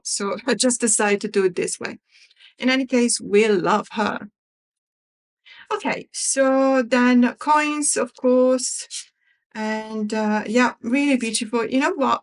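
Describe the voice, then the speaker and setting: A woman chatting on her tarot vlog, worried while she waits for news and rambling with restarts as she unboxes decks. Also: on the high side. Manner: chatty, distracted, many restarts and fillers. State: worried, waiting for evacuation news. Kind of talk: casual chat, reading card guidebook aloud.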